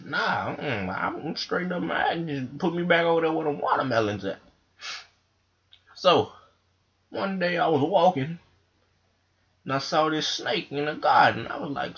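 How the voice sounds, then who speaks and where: A man's voice: fairly high pitch, very animated, normal speed, a bit bright, highs cut off. A man telling a rambling, profane comic story into a microphone. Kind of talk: comedic monologue.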